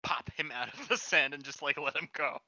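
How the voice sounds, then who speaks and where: A woman's voice: deep voice, fairly quick, pushed and bright, dry recording. A woman playing a tabletop game, chatting playfully and giggling often. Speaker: player.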